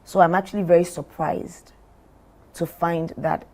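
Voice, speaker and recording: A middle-aged woman from Nigeria, a former company chief, speaking deliberately as a guest in a podcast interview. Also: lowish voice, fairly even intonation, a little mellow. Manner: measured, deliberate, role-plays what she would say.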